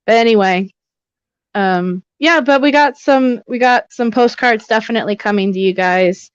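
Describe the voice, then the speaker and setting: Chatty young woman, smooth but dull audio. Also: on the high side, normal speed, no echo. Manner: chatty, rambling with many fillers. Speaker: livestream host. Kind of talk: casual livestream chat.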